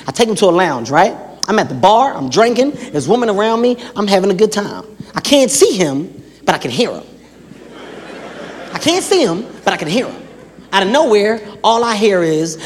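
A man doing a stand-up comedy routine, telling exaggerated stories with shouted punchlines. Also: high voice, big pitch swings, brisk. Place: large performance hall. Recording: reverberant hall, faint background noise.

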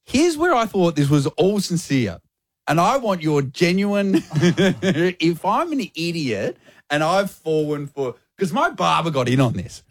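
A man's voice: fairly high pitch, sing-song, unhurried, dry recording, clean studio sound. An Australian man in his late thirties, a radio host telling a funny story on air and laughing at himself. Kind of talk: casual on-air banter. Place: radio studio.

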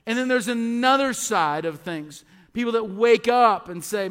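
A man's voice: high voice, fairly even intonation, moderate pace, hardly any pauses, a bit bright. Preaching man in a reverberant church. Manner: earnest, repetitive preaching with rhetorical questions. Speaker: pastor. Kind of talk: sermon. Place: church sanctuary.

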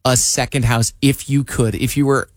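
A man's voice: mid-range voice, moderate pace, dry recording, studio quality. A man hosting a radio show, chatting casually and teasing his co-host. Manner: lively, teasing. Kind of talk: casual on-air banter.

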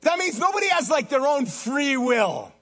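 A male pastor preaching a sermon to a church congregation, impassioned, moving between soaring emphasis and low earnest asides, with many rhetorical questions. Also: big pitch swings, normal speed, fairly bright tone, soft background music.

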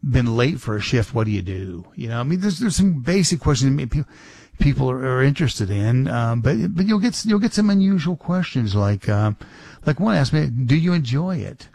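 A middle-aged male radio host talks loosely, circling back and restarting his thoughts as he goes. His voice sits at an ordinary middle pitch. The sound is dry and close, with no room around it. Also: sing-song, moderate pace, vocal fry, darkish tone, no echo. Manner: rambling, with many restarts and fillers. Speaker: radio talk show host. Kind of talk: casual talk radio monologue.

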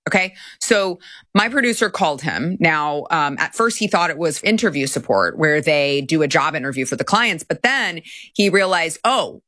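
A woman hosting a commentary show, talking casually in an animated, incredulous way with quick repeats. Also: sits low, no room sound.

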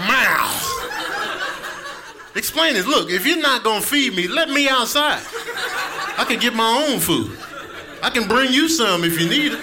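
A bossy, hungry house cat, put on by a comedian that complains loudly and indignantly in a raised, high voice. It demands food like an impatient roommate. The live recording is noisy with crowd sound. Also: male voice, exaggerated voice.

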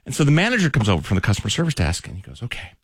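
A man's voice: fairly low pitch, wildly swooping pitch, racing, slightly rough, no echo, studio quality. A man hosting a radio morning show, telling a rambling, self-deprecating story and acting out the quotes. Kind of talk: casual storytelling.

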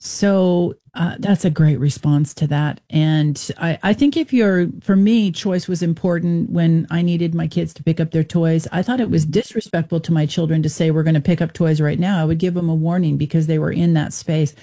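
A woman's voice: low voice, moderate pace, hardly any pauses, mellow. A middle-aged woman hosting a Christian talk radio show, speaking in an earnest, conversational way. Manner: earnest, conversational, with brief laughs and restarts.

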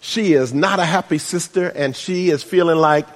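A man preaching a sermon, swinging between shouts and hushed asides and adding humorous remarks. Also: fairly high pitch, moderate pace. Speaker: pastor. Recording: reverberant hall.

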